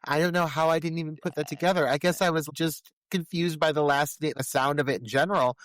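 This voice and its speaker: A man's voice: a little high, fairly even intonation, quick pace, a bit bright, dry recording, poor audio. A man co-hosting a podcast, talking earnestly and with enthusiasm about a horror film's scenes. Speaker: podcast co-host. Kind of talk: casual film discussion.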